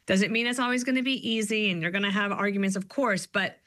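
A woman in her fifties, a guest author, telling stories in an animated, quick way during an interview. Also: medium pitch, dry recording, clean studio sound. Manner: quick, animated storytelling with quoted asides. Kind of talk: interview conversation.

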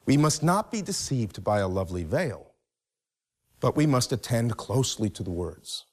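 A man giving a measured, emphatic lecture, closely reading a text and repeating key phrases for stress. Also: medium pitch, big pitch swings, husky. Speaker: literature lecturer.

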